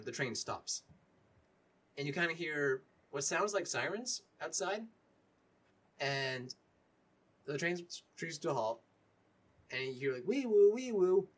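Husky male game master. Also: mid-range voice, bright, forceful tone, far from the mic. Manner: loose, rambling narration. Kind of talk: narrating a tabletop game.

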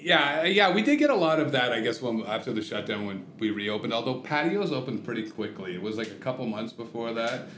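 A man's voice: mid-range voice, lively intonation, fairly quick, few pauses, a bit bright. A man hosting a podcast interview, asking questions casually with many hesitations. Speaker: podcast host, restaurant owner. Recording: roomy with faint noise.

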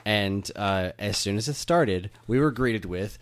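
A man co-hosting a casual podcast about television, talking in an animated, rambling way with many restarts. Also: mid-range voice, a little fast, few pauses. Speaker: podcast co-host. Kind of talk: casual chat.

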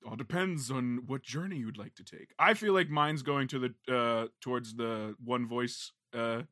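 A man's voice: mid-range voice, bright, forceful tone, no echo, studio quality. A man, a voice actor, chatting as a podcast guest in a jokey, boisterous way. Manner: jokey, boisterous, quick to laugh. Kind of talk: casual podcast chat.

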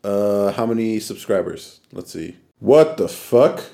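A man's voice: on the low side, lively intonation, unhurried, vocal fry, dark tone. A man hosts a casual podcast chat, his voice rising and dipping all over the place. He laughs a lot and swears offhandedly. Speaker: podcast host.

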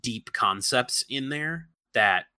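A man co-hosting a casual podcast, talking earnestly and halting often on fillers. His voice is bright, recorded close and dry. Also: medium pitch, expressive, no room sound. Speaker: podcast co-host. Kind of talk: casual chat.

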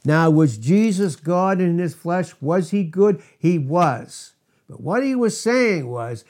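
A man preaches a sermon emphatically and repetitively, quoting scripture with drawn-out stress and laughing between points. His voice sits high with a darkish tone, and he's animated.

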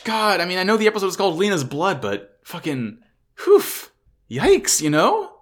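Animated, lively-pitched man in casual chat. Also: normal speed. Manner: animated, swears often, heavy use of "like". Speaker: podcast co-host. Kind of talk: casual anime recap chat.

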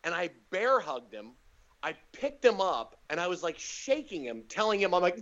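A comedian guest tells his stories in loose, casual talk. His fairly high voice swings up sharply whenever he acts out what someone said. The recording sounds a bit dull and lo-fi. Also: moderate pace. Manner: animated storyteller, acts out quotes with big pitch jumps. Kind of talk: casual podcast storytelling.

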